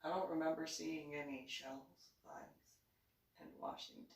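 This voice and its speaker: A woman's voice: low voice, moderate pace. A woman vlogger telling a rambling personal story in casual talk, laughing often between lines. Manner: lively, rambling anecdotal delivery. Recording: echoey room, distant from mic.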